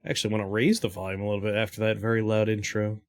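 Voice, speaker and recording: A man's voice: fairly low pitch, flat delivery, very fast. A man casually commenting as he plays a video game, joking around and sometimes breaking into silly voices. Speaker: streamer playing a game. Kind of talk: casual let's-play commentary. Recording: with game music behind.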